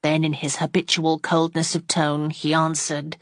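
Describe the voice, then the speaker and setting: Low-voiced female audiobook narrator, steady and unhurried, dry close sound. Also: no room sound. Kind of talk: classic novel audiobook narration.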